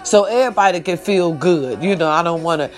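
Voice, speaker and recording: Soft music plays behind this online show host, whose voice is on the low side, animated, and brisk. She chats casually and earnestly on a livestream, addressing viewers head-on, repeating herself, and choking back tears as she praises God and her family.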